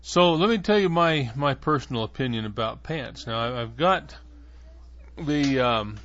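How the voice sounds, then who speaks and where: A man's voice: mid-range voice, lively intonation, unhurried, fairly bright tone. A man hosting a podcast in a casual monologue, rambling along with many fillers and restarts. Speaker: podcast host. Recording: dull lo-fi dry sound.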